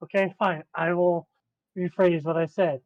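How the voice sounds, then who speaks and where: A man's voice: high voice, fairly even intonation, dry recording, phone-quality sound. A man playing a tabletop game, speaking bluntly and casually with plenty of swearing. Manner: blunt, profane, quick. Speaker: player.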